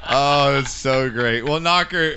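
A man's voice: medium pitch, slow, a crowd in the background. A man hosting a podcast, chatting casually with laughter and profane banter. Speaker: podcast host. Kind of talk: casual chat.

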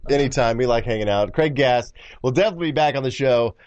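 A male radio co-host talks quickly in a middle-pitched voice, running through casual sign-off patter. The sound is dry and close, straight from the studio mic. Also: a little mellow, dry recording.

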